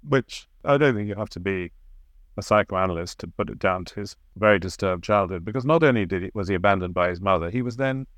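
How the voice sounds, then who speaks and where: A man's voice: fairly low pitch, no echo, clean studio sound. A man being interviewed as the author of a biography, answering reflectively and sometimes searching for the right word.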